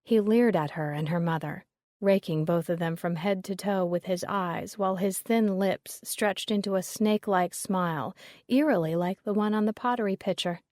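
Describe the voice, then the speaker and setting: A woman narrating a mystery audiobook in a steady, even, descriptive way. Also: mid-range voice, normal speed, no echo, studio quality.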